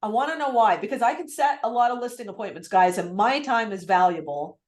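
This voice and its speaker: A lively woman coach running a call-script lesson on a video call, her voice a little higher than most. She talks with real energy and acts out what clients might say. The sound is roomy, with a clear echo. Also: brisk.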